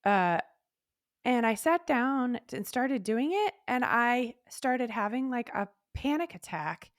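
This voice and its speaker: A woman co-hosting a podcast in casual chat, telling stories in an animated way and acting out her own thoughts. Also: fairly high pitch, takes it slowly, no echo, studio quality. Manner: animated storytelling, acts out her own inner voice. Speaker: podcast co-host.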